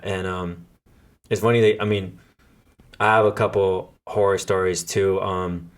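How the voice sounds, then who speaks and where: A man hosting a podcast, telling a story in a loose, casual way, swearing freely and stopping often to restart. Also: low-pitched. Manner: profane, loose storytelling with many fillers and restarts. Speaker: podcast host and DJ.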